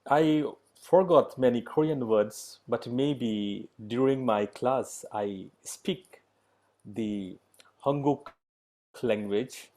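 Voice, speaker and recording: A middle-aged man leading an online yoga class, speaking slow, halting English with many pauses and fillers. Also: medium pitch, darkish tone. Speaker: yoga teacher.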